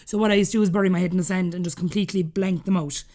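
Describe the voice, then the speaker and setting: A woman's voice: on the low side, steady tone, racing, warm tone. An Irish woman in her thirties with a Cork accent, a podcast guest chatting through personal stories, laughing often as she talks. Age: 30s. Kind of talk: casual storytelling interview.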